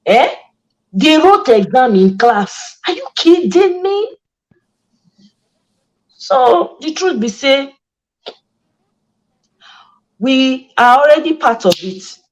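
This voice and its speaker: A woman's voice: high-pitched, big pitch swings, slow, long pauses, poor audio. A Nigerian woman hosting a casual chat, passionate and emphatic, mixing Pidgin and English. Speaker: host.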